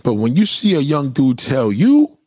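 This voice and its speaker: A man's voice: mid-range voice, wildly swooping pitch, moderate pace, warm tone, no echo. A man giving blunt, profane opinions in a casual, emphatic rant, often repeating himself. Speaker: commentator.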